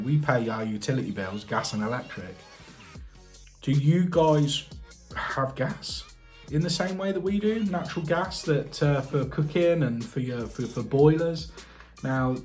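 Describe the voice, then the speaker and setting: A man's voice: medium pitch, a little mellow. A British man, a plumber and channel host, chatting casually in a reaction vlog, thinking aloud and asking viewers questions. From United Kingdom.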